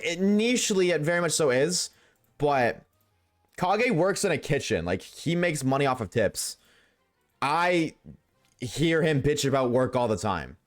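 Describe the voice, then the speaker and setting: A man streaming a game, ranting bluntly to his live chat and swearing freely. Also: fairly high pitch. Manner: chats with viewers while playing. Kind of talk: casual rant to live chat.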